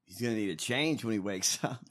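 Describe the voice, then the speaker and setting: A man co-hosting a comedy podcast, talking in a loud, profane, ranting way. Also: fairly low pitch, fairly quick. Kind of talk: casual profane comedic chat.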